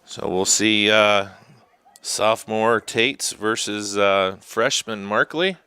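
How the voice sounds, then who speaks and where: A man giving live play-by-play commentary on a youth soccer shootout, unhurried and sometimes hushed. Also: on the low side, smooth, no room sound. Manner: unhurried, drops to a hushed whisper during tense kicks. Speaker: sports commentator.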